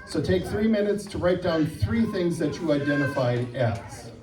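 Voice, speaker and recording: A man's voice: a little high, lively intonation, normal speed, noisy background. A man with a Wisconsin accent leads a church workshop, joking with the group and often checking in with "okay?". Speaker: workshop leader. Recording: echoey room, mic far off.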